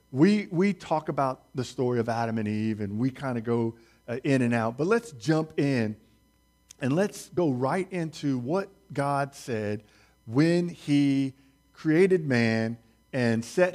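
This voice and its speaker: Preaching a sermon, a man with a medium-pitched, slightly mellow voice speaks slowly and deliberately. He stresses key words and puts questions to his listeners.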